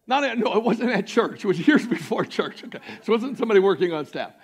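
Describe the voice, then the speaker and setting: A man preaching a church sermon, swinging between fervent shouting and sudden near-quiet asides, with a Southern American accent. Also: high-pitched, lively intonation, fast, slightly rough. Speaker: pastor. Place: church sanctuary.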